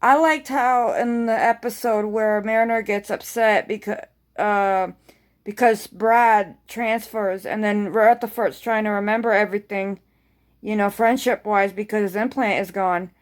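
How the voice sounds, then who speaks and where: A woman casually recapping a TV episode, rambling excitedly and swearing freely. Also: mid-range voice, a little slow. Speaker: TV episode reviewer.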